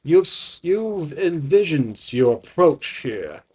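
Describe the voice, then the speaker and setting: A man voicing an ancient, dying male dragon who speaks slowly and gravely in a tabletop game. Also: fairly high pitch, very animated, a little mellow, full character voice. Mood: solemn. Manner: slow, grave, measured speech.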